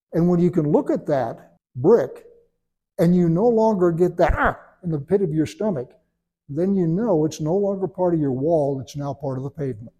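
A man giving a sermon in a relaxed, conversational way, telling stories and breaking into animated voiced asides. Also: fairly high pitch, husky. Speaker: preacher.

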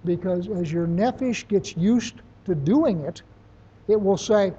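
A husky, mellow voice teaching a class in a plain, down-to-earth way, reaching for everyday examples. The sound is dull and lo-fi, like a muffled lecture recording. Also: medium pitch, takes it slowly.

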